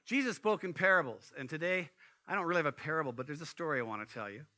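A man preaching a sermon, telling stories in an animated way, full of asides to the congregation. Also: fairly high pitch, fast talker. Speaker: pastor.

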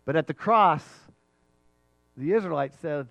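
Pastor, male, slightly high voice, earnest preaching, dry close sound. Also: vocal fry, fairly bright tone, no room sound. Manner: earnest preaching, pauses to read scripture aloud. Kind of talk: sermon.

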